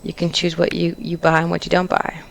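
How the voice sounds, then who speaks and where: Gravelly low-voiced woman chatting. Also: monotone, brisk, rough recording. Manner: chatty, joking, with frequent restarts. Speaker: host. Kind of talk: casual chat reading online stories.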